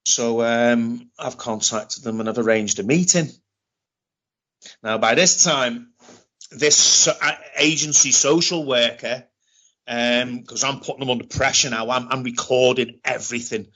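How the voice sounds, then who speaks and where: A middle-aged British man telling a personal story in an interview, halting and often repeating himself as he restarts. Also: mid-range voice, fairly even intonation, bright, forceful tone. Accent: British English. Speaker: interview guest. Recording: dull lo-fi recording.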